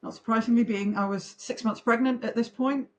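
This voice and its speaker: A woman in her forties, a podcast guest, telling her story in a chatty, animated way. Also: fairly high pitch, fairly quick. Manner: chatty, animated, talks in long run-on recollections. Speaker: podcast guest, pharmaceutical trainer. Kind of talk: conversational interview storytelling.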